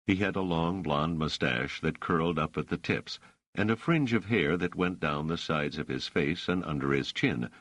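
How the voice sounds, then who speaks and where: A man reading a novel aloud as scripted narration, in a measured storytelling manner. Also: sits low, no echo. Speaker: audiobook narrator.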